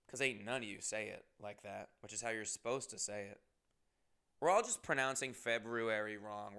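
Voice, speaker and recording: A man's voice: mid-range voice, gravelly, bright, forceful tone, smooth. A man hosting his own podcast, talking in a playful, rambling, self-mocking comic monologue. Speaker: podcast host. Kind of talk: casual comedic monologue.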